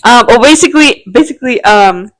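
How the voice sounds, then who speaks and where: A woman's voice: a little high, lively intonation, a little fast, no room sound. A young woman in her twenties, a podcast co-host telling long rambling stories in slangy casual chat, full of "bro" and swearing.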